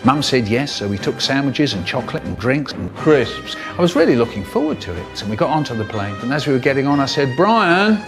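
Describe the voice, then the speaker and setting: A man's voice: mid-range voice, lively intonation, fast, hardly any pauses, over music. A man narrating an absurd comedic story in a jumpy way, now and then breaking into silly voices.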